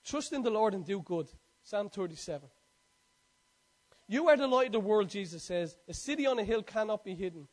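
Guy with a really high voice giving a sermon, chatty storytelling. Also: animated, a little fast, a little mellow. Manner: storytelling, conversational, quotes scripture. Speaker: preacher.

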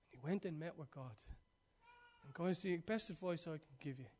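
Animated preacher, high voice. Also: male voice, moderate pace, breathy edge. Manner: animated, swings from loud urging to hushed near-whisper. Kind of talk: sermon.

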